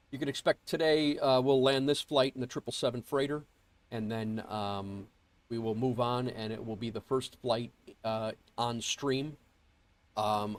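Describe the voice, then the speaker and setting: A man streaming a flight sim, chatting casually and greeting viewers, nasal and congested from a cold and rambling with fillers and restarts. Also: on the low side. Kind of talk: casual livestream chat. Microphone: earbuds mic.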